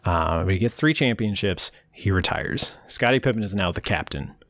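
A man chatting casually as a podcast co-host, an animated storyteller who laughs often. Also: low-pitched, normal speed, dry recording. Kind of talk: casual chat.

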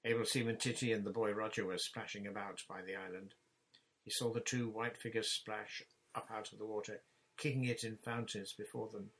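Man reading a kids' book aloud, low raspy voice, steady. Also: brisk, rough recording. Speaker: audiobook narrator. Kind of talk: storybook narration.

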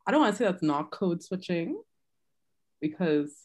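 A woman's voice: on the low side, sing-song, moderate pace, darkish tone. A young woman with a Canadian-tinged Bahamian accent who thinks aloud in a reflective, chatty way. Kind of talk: casual chat.

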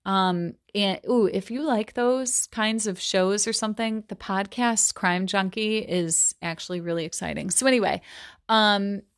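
A woman's voice: mid-range voice, unhurried, dry recording, studio quality. Chatty woman reading a novel aloud. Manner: chatty, many ums and likes in asides. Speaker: book study podcaster. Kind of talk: reading aloud with casual commentary.

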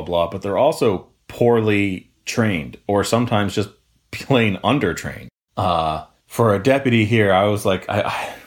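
A man with a somewhat low voice chats on a podcast about his past work as a deputy. He swears freely and laughs through his stories in a loose, casual delivery. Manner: laughing, profane storyteller. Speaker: podcast co-host, former jail deputy.

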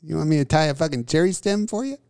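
A man's voice: a little high, lively intonation, fast, vocal fry, darkish tone, clear, resonant tone, no echo. Teasing crude-humored man, dry mic. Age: 40s. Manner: provocative, teasing, laughs often. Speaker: co-host. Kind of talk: crude banter on a podcast.

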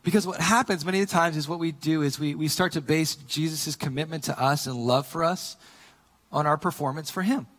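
A male pastor preaching a sermon in a casual, conversational way, moving between quiet earnest points and lively storytelling. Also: a little high, a little fast, long reverb tail.

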